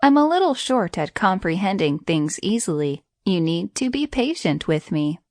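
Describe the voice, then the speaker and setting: A woman's voice: mid-range voice, sing-song, moderate pace, dry recording, studio quality. A woman voicing a sly male jackal who pretends to be confused and makes others repeat themselves. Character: sly young male jackal, feigning slowness.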